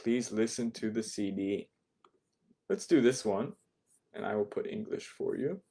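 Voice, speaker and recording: A man's voice: fairly low pitch, expressive, dark tone. A man teaching a beginner language class online, explaining phrases patiently and often checking in with "right?". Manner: repeats phrases slowly for learners.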